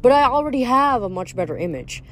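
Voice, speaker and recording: A woman reading aloud, voicing a vain, self-adoring young man in a slow, languid drawl. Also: on the high side, very animated, soft background music, pitched above the performer's own voice. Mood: dreamy, self-adoring.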